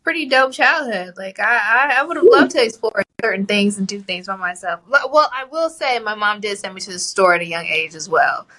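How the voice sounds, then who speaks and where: Woman host with a bright, sharp voice; laid-back, slangy interviewer. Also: medium pitch, fairly quick, hardly any pauses. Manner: relaxed, uses casual slang. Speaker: podcast host. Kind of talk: casual interview chat.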